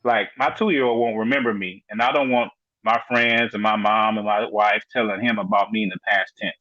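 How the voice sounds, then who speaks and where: A man's voice: fairly low pitch, a little fast, no echo. Laid-back man telling a story, muffled. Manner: casual, animated retelling with quoted voices and frequent "you know". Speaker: guest. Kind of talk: storytelling in a podcast interview.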